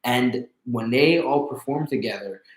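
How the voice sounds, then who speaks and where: A man's voice: medium pitch, a little slow. A young man hosting an interview, telling stories in a rambling, casual way full of fillers. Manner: rambling storyteller, many fillers. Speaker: interview host. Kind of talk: casual conversation. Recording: roomy echo.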